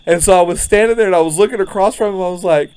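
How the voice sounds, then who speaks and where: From a front porch, a man co-hosts a casual podcast chat, telling stories animatedly and laughing often. His voice is high and smooth, and he races along.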